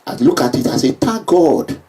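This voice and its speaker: A Nigerian man giving an emphatic public address, repeating himself and breaking into shouts. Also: mid-range voice, wildly swooping pitch, normal speed, recorded from a distance. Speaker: political speaker.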